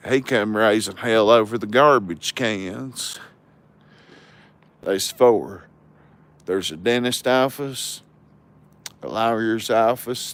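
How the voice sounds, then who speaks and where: Guy in his 40s cussing and rambling on a livestream, smooth clear voice. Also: fairly low pitch. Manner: loose, crude, rambling storytelling. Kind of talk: rambling profane livestream chat.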